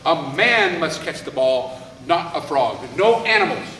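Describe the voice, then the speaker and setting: A man's voice: animated, a little slow, bright, forceful tone, a little hiss or hum. A man voicing an anxious, fussy king who talks in a raised, fretful way. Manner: higher, pleading and fretful. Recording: echoey hall, voice from far off.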